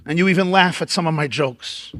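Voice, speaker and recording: Brooklyn-accented man giving a high-pitched lecture. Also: brisk, a bit bright. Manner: dramatic oratory, emphatic repeated lists. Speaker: rabbi giving a keynote lecture. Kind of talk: keynote lecture. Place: large event hall at a dinner.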